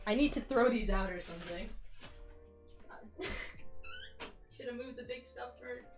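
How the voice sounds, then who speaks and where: A woman's voice: fairly high pitch, measured pace, over loud music. A young woman streamer chatting casually in her bedroom as she tidies, rambling and poking fun at herself with frequent laughs. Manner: rambling and self-mocking, laughs often. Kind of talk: casual chat while cleaning.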